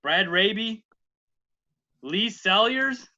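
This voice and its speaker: Brief: earnest podcast co-host from the Chicago area, very bright and higher-pitched, lo-fi sound. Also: male voice, expressive, extremely slow. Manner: earnest, grateful, rattles off names. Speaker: podcast co-host, former college outfielder. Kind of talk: casual podcast chat. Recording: dull lo-fi audio.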